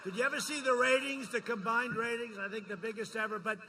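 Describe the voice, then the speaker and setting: A man delivering a campaign rally speech in a high, intensely forceful voice. He talks in a boastful, repetitive way, pushing to rouse the crowd. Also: fairly even intonation, fast talker, vocal fry, a little hiss or hum. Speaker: politician speaking at a campaign rally.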